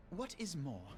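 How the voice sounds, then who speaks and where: A man voicing formal knightly nobles in a fantasy game, speaking in measured, archaic courtly phrasing. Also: on the high side, heavily acted. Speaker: game story dialogue. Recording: game audio with music score.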